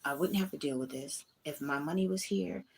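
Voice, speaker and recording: A woman's voice: deep voice, fairly quick, creaky, darkish tone, slight background noise. A woman hosting her own livestream, speaking, candidly venting and talking straight to her chat from a small room at home. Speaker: livestream host.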